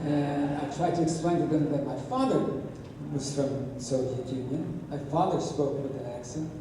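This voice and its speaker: Man in his 80s, slightly high voice, rambling and self-correcting, wry anecdotes, echoey hall, distant mic. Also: moderate pace, warm tone, a little hiss or hum. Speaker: convention panel guest. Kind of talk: convention Q&A storytelling. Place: large convention hall.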